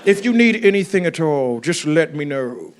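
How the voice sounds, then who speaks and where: A man's voice: fairly high pitch, sing-song, moderate pace, a faint crowd, voice pushed down. Man doing a doting older TV boss. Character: older male TV producer, paternal and doting.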